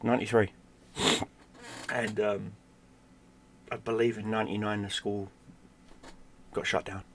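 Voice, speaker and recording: A man's voice: lowish voice, level tone, unhurried, noisy background. A middle-aged man tells a personal story in blunt, casual speech and swears freely. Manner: blunt, swears freely, drops to a hush for tense moments. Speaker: gaming streamer telling a personal story.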